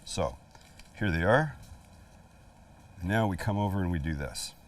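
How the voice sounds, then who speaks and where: A man's voice: low-pitched, animated, measured pace. A middle-aged man hosting a casual cooking demonstration, chatty and joking as he talks the viewer through each step. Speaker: cooking show host. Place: outdoor kitchen at a flat-top grill. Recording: voice a little far from the mic, faint sizzle. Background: sizzling food on the grill.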